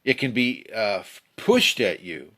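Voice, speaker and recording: A man giving a casual spiritual talk, slightly hoarse, who acts out angry people with sudden shouts. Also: on the low side, wildly swooping pitch, a little slow. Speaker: spiritual teacher. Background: a pet bird fluttering.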